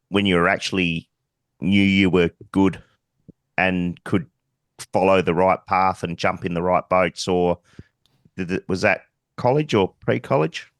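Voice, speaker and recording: A man's voice: low-pitched, gravelly, no room sound, studio quality. A man hosting a podcast, casually asking questions and steering the talk back with wry mock seriousness. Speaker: podcast host.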